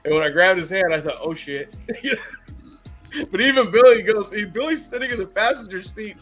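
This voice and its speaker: Bright-voiced man telling a story. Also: high voice, moderate pace, faint music behind. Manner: animated, profane storyteller who laughs often. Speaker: podcast co-host. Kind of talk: casual storytelling.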